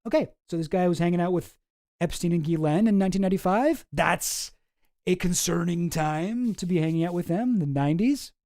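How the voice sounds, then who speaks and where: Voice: medium pitch, fairly quick, darkish tone, no room sound, clean studio sound. A streamer giving casual commentary in a rambling, profane way, often breaking off mid-sentence and sometimes sarcastic. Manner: rambling, profane, self-interrupting.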